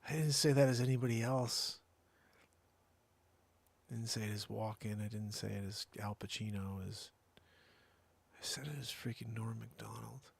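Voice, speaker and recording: A man hosting a comedy live stream, talking excitedly and sometimes dropping to a whisper. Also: on the low side, moderate pace, gravelly, pauses often, husky. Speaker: host.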